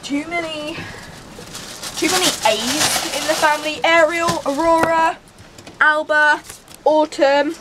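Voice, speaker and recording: A woman's voice: high voice, fairly even intonation, takes it slowly, pauses often. A young woman chatting in a casual vlog in a windy garden, giggly and talking in sing-song baby talk to her pets. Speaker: vlogger. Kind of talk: casual outdoor vlog chat. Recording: wind noise outdoors.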